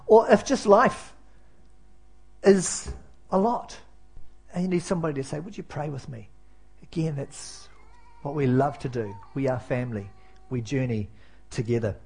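A man's voice: medium pitch, moderate pace, gravelly, long pauses, darkish tone, slightly rough. A man preaching as pastor in a church, conversational and self-deprecating, with many fillers and restarts. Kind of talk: sermon.

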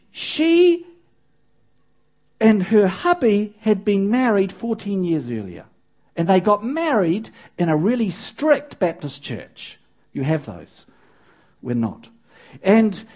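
Husky, lively woman preacher. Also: a little high. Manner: animated, with playful asides to the audience. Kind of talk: sermon with storytelling.

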